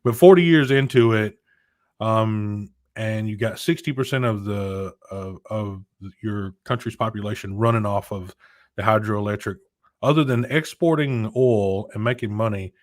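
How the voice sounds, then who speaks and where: A low-pitched man talks on a dry, close mic as a podcast co-host. He rambles and gets animated, restarting his sentences as he goes off on rants. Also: dry recording. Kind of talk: casual chat.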